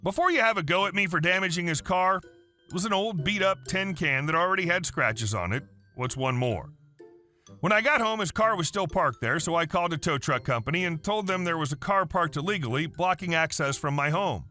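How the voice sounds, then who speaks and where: A man narrating story posts in a scripted, wry, animated way. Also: high voice, fairly quick, faint music behind.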